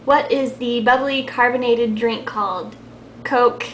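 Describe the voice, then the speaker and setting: A soft-spoken young woman from Texas with a light Texan accent and a high-pitched voice, chatting casually to her camera. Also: steady tone, measured pace, slight background noise. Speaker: vlogger. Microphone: built-in camera mic. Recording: echoey room.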